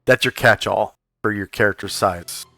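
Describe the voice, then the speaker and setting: A man running a tabletop game as game master, narrating the scene and explaining rules in a casual, halting way full of fillers. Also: lowish voice, gravelly, bright, forceful tone, no room sound, soft background music.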